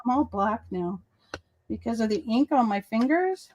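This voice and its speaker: A woman's voice: fairly high pitch, expressive, moderate pace, a little mellow, slight background noise, rough recording. A woman hosting a casual crafting livestream, chatting and telling stories while she works. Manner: chatty, storytelling. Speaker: host.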